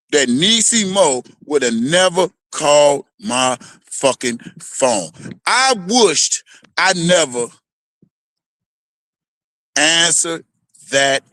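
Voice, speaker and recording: Fired-up man ranting, bright voice. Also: mid-range voice, no room sound. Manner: animated, profane, repetitive preaching tone. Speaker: vlogger. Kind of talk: heated rant to camera.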